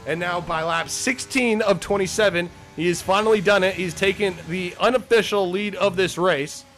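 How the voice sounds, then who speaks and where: A man's voice: sits high, moderate pace, fairly bright tone. A man giving casual, joking live commentary on a sim race, swearing freely as he calls the action.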